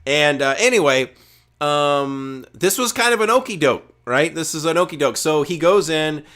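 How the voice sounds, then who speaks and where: Dude rambling thru a movie review on a podcast, swears a lot, lots of ums. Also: male voice, on the high side, animated, moderate pace, fairly bright tone. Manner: profane, rambling retelling with filler words. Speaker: podcast co-host. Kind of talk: casual movie review chat.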